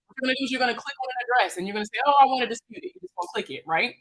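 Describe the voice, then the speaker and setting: Bright, husky Baltimore woman. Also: fairly high pitch, rapid-fire, low-quality recording. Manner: animated, slangy, joking, talks straight to viewers. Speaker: credit repair consultant. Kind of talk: casual livestream Q&A.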